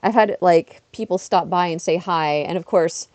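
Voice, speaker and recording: A woman chatting casually on a livestream while playing a game, self-deprecating and bursting into excited exclamations. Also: on the low side, moderate pace, no echo. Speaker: streamer. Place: her apartment.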